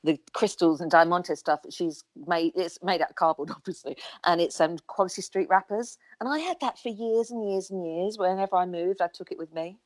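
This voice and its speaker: A woman's voice: on the low side, a little fast, hardly any pauses, no room sound. Chatty, teasing woman. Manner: teasing, chatty storyteller, laughs often. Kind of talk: casual chat.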